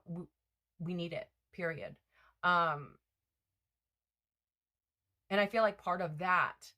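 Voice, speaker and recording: A woman's voice: fairly low pitch, sharp tone. A woman giving a casual spiritual card reading, rambling with lots of fillers and self-corrections. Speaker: tarot reader.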